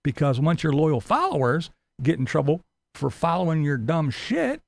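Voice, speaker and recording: A middle-aged man hosts a ranting commentary vlog, delivering a blunt, profane, mocking rant and acting out silly voices. His voice is fairly high, sing-song, and creaky at a moderate pace, in a dry recording.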